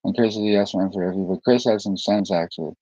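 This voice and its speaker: A man speaking in a meandering, halting monologue, often restarting his sentences and drifting into asides. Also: fairly low pitch, mellow, no echo. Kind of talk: rambling monologue to camera. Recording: dull lo-fi recording.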